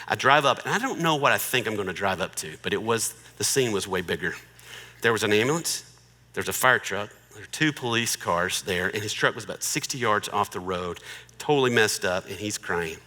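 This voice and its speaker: A man's voice: on the low side, lively intonation, fairly quick, big-room sound. A middle-aged man giving a humorous marriage talk in a joking, conversational way. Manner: joking, conversational, warmly persuasive. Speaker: marriage speaker.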